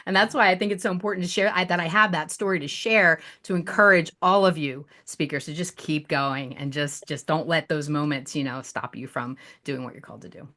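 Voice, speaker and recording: A woman reading her own rhyming devotional poem slowly and softly over a video call. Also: deep voice. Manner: slow, hushed rhyming recitation. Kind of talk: recited devotional poem, then casual chat.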